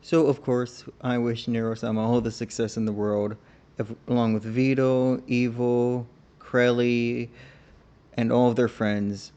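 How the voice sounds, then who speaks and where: A man's voice: mid-range voice, level tone, measured pace, warm tone, lo-fi sound. A man narrating a scripted video essay in a wry but earnest manner.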